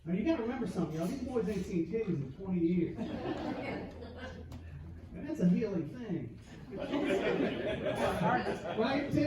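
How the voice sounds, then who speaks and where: A man's voice: high voice, very animated, normal speed, long pauses, recorded from a distance, a loud crowd, very noisy. A man telling crude stories on stage, laughing at his own jokes. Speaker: stand-up comedian. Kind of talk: stand-up storytelling. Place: live comedy club. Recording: echoey club heard from afar.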